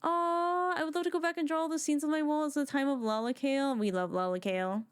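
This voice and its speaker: A woman streamer chatting casually while she plays a video game, rambling with excitement and restarting her sentences often. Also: high voice, fast talker. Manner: excited, rambling fan talk with many restarts.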